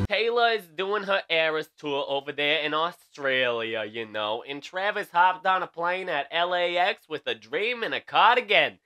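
A man's voice: a little high, lively intonation, normal speed, few pauses, bright, forceful tone, clean tone, soft background music. A young man hosting a comedic late-night celebrity news monologue, sassy and campy, tagging his jokes with "okay?".

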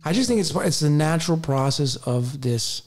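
A man's voice: fairly high pitch, expressive, normal speed. A man co-hosting a conversational interview, agreeable, often chiming in with affirmations. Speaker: co-host.

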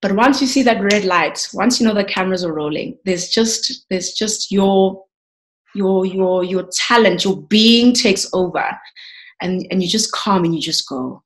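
A woman's voice: mid-range voice, a little slow. A woman in her thirties, a sports broadcaster, telling her story in an interview with feeling and many repeated words. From South Africa. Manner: emotional, animated, repeats words when moved.

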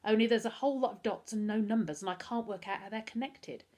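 A woman's voice: fairly high pitch, fast, darkish tone, pitched above the performer's own voice, natural voice. A woman voicing a determined, worried young boy hero who speaks urgently and pleadingly in a storybook reading.

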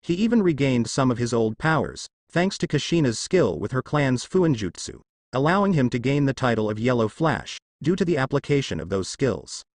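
A man with a mid-range voice narrates a fan fiction story at normal speed, steady in his storytelling, with no room sound.

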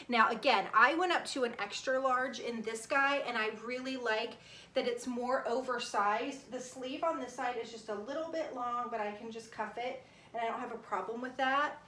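Bubbly woman vlogger with a bright voice. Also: a little high, slight background noise. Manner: chatty and enthusiastic, often hushed. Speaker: lifestyle vlogger. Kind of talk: casual product review vlog. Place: at home.

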